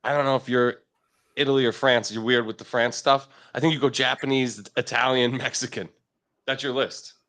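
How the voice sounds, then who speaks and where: Give me a relaxed man with a medium voice talking market charts. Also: mid-range voice, normal speed. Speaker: market show co-host. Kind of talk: casual market chat.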